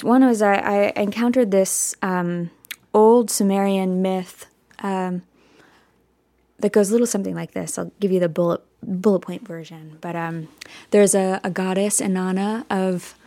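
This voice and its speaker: A young woman, a singer-songwriter, introducing a song at a live show, telling its backstory in a hesitant way with frequent fillers. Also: on the low side.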